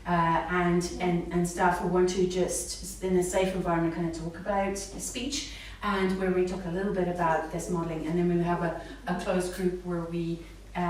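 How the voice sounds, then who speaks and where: Woman speech therapist, animated sing-song modelling, roomy distant sound with faint hiss. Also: on the low side. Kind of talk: live talk to parents. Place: hall with a live audience. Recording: echoey room, mic far off, faint noise.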